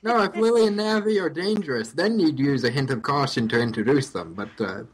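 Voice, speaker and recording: A woman making deadpan jokes during a comedic fanfiction reading. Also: low voice, brisk, husky, poor audio. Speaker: fanfiction reader.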